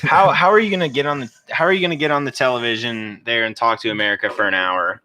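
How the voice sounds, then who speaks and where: A man co-hosting a podcast rants in loose, profane chat. His voice is bright and mid-pitched. He exaggerates for laughs. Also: quick pace, rough recording. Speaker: podcast co-host. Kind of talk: casual comedic chat.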